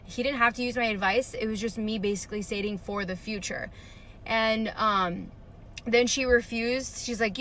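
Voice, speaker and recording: A woman's voice: on the high side, fairly quick, pushed and bright, slight background noise. A woman ranting about an argument in a casual, indignant way, full of "like" and restarts. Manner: indignant, rambling, lots of "like". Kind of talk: casual storytime rant.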